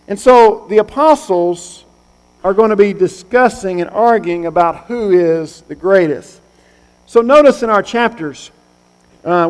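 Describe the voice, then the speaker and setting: A man preaching a sermon in a conversational way, posing rhetorical questions to his listeners. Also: high voice. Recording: long hall reverb.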